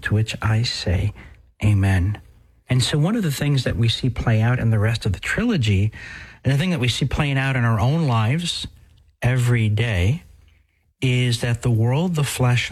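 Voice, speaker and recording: Slow husky-voiced priest preaching. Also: male voice, mid-range voice, poor audio. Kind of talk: podcast sermon.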